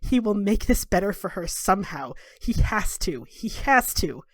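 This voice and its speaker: A woman's voice: mid-range voice, sing-song, normal speed, dry recording, studio quality. A woman game master narrating a tabletop game casually, with plenty of fillers.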